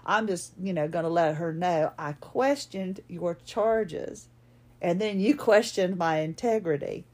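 A woman's voice: lowish voice, unhurried. A middle-aged woman, hosting a podcast, talking in a casual, rambling personal monologue full of restarts. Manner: chatty, rambling, frequent restarts and laughs. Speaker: podcast host.

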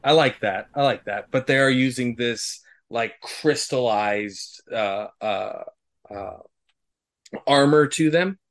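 A man of average pitch runs a tabletop game at an unhurried pace. He explains the rules in a measured, encouraging way and pauses often to find his words. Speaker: game master.

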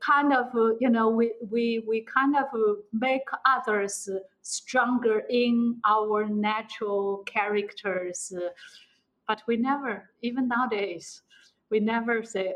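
A woman's voice: a little high, fairly even intonation, fairly bright tone, rough recording. Interview guest: middle-aged woman with a Chinese accent, speaking hesitant, broken English. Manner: non-native English, halting with restarts, laughs often. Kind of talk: conversational interview answer.

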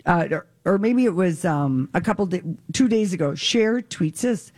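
A woman's voice: fairly low pitch, animated, moderate pace, darkish tone, no room sound, clean studio sound. A woman co-hosting a casual chat, telling a playful, wry story. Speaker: co-host.

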